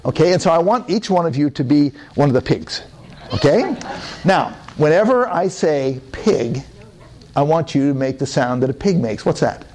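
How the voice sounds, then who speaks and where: A male pastor telling a Bible story to children during a sermon, slow and coaxing, often laughing. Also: fairly high pitch, lively intonation, darkish tone, rough recording.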